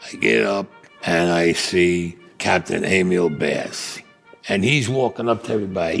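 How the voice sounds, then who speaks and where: This interviewee, a man in his seventies from Brooklyn, New York, has a lowish, creaky voice with a fairly bright, breathy edge and talks at a moderate pace. Faint music plays behind him as he tells his life story bluntly and with profanity, mimicking others' voices.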